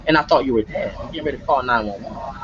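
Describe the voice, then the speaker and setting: A man's voice: mid-range voice, very fast, a bit bright, dull audio. A man hosting a live motivational webcast, talking emphatically and repeating himself, often checking in with "right?". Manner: emphatic, repetitive, tag questions. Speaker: webcast host.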